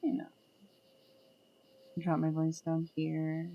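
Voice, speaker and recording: A woman's voice: deep voice, completely flat delivery, slow pace, gravelly, lo-fi sound. A woman streamer chatting casually and playfully with her viewers while she draws, often laughing. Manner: playful and giggly, greets chat members. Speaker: streamer drawing art live. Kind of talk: casual livestream chat with viewers.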